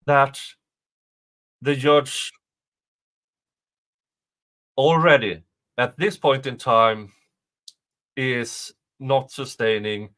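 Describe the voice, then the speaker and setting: A man's voice: mid-range voice, pushed and bright, rough recording. A man giving casual livestream commentary, reading out a court motion with rambling, self-correcting asides and sarcastic remarks.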